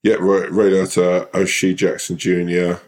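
A man's voice: low-pitched, monotone, measured pace, a little mellow. A young man, an actor and podcast co-host, rambling casually with lots of fillers and swearing. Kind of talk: casual chat.

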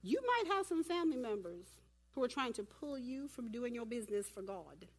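A woman giving a lively sermon at a church women's event and directing volunteers from the audience. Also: on the high side, normal speed. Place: church hall.

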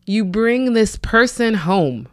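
A woman hosting a podcast interview, asking relaxed, unhurried questions. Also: a little high. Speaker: podcast host. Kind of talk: casual interview.

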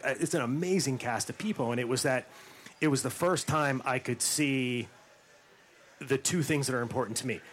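A middle-aged man telling a long anecdote in a podcast interview, middle-pitched and lively, acting out what other people said with plenty of fillers and restarts. A faint hiss of noise sits under his voice. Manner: animated, acts out quotes, many fillers and restarts. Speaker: actor and former basketball player.

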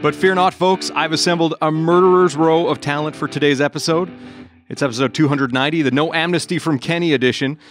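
A man's voice: on the high side, steady tone, quick pace, soft background music. A man filling in as host of a casual politics podcast, joking around and talking loosely with plenty of fillers.

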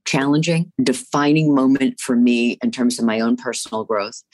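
A middle-aged actress with a slight New Jersey accent, talking warmly and effusively as an interview guest, rambling and restarting her sentences. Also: extremely low pitch, flat delivery, normal speed. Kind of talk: casual interview chat.

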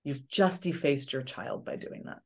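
A woman's voice: on the low side, animated, moderate pace, a little mellow. Earnest woman therapist giving advice. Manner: earnest, coaching, acts out examples. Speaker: therapist guest. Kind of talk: podcast interview advice.

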